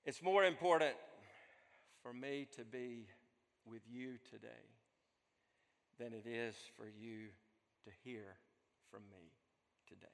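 Slow-spoken male pastor in a hall. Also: mid-range voice, creaky, clear, resonant tone. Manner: slow, earnest preaching that swells and then falls soft. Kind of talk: sermon. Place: church. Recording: long echo of a large hall.

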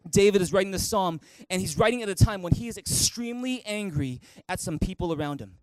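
A man's voice: high-pitched, expressive, a little fast, no echo. A man preaching a sermon as pastor, calling the congregation to read aloud and respond. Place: church in Canada.

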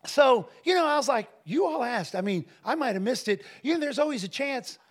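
A man telling a story in a casual, animated way, laughing often and restarting his phrases. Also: extremely high pitch, fairly quick. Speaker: guest minister telling a story.

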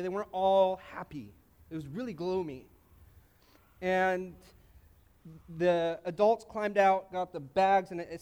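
A man's voice: sits high, darkish tone, long reverb tail. A middle-aged man preaching a sermon, a pastor who tells stories and speaks straight to his congregation. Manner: conversational storytelling, addresses congregation directly. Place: church.

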